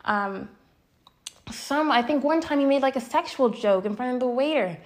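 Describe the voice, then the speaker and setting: A woman's voice: sits high, animated, moderate pace. A woman in her twenties telling a personal story to her viewers, venting with frequent swearing and filler words. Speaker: storytime vlogger.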